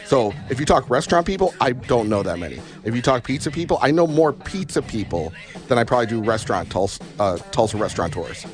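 A male co-host on a radio show talks in a loose, chatty way and laughs easily. His pitch swings widely from phrase to phrase, and his banter with the host stays casual. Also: very animated, quick pace, faint music behind.

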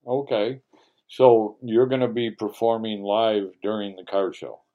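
A man's voice: lowish voice, steady tone, a little slow, muffled recording. A man hosting a radio talk show, chatting casually and telling jokey, emphatic stories.

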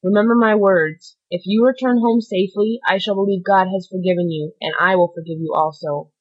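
A woman reading aloud plays a solemn male priest who lectures a dying sinner with grave, measured authority. The voice sits at a middling pitch, and the lo-fi recording sounds muffled. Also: fairly even intonation, natural voice. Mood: stern.

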